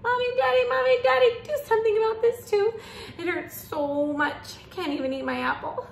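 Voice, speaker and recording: A woman voicing a little boy with a sore loose tooth, squealing high wails in a read-aloud storybook. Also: fairly even intonation, normal speed, vocal fry, fairly bright tone, roomy sound, slight background noise. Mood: wailing.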